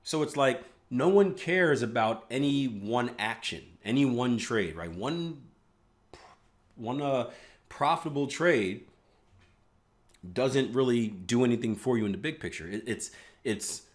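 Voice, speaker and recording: Male host for a live chart walkthrough, relaxed and chatty, prone to asides, average pitch. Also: measured pace. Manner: casual, chatty, rambling asides. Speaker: trading room host. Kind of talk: live market analysis.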